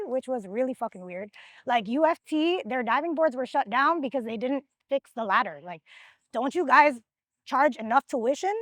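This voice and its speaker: A woman, a reality show contestant, telling stories in a confessional, animated and profane, acting out what people said. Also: high voice, no room sound. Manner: animated, profane, acts out quotes. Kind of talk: confessional storytelling.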